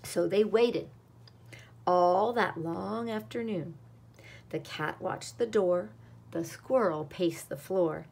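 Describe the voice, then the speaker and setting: A woman reading a children's picture book aloud in an expressive storytelling voice with dramatic pauses. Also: lowish voice, gravelly, breathy edge.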